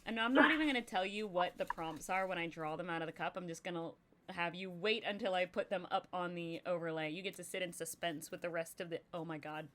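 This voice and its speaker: A woman's voice: on the low side, quick pace, fairly bright tone, slight background noise. A young adult woman hosting a live stream and running a game, talking casually and rambling with many fillers. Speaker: stream host and game master.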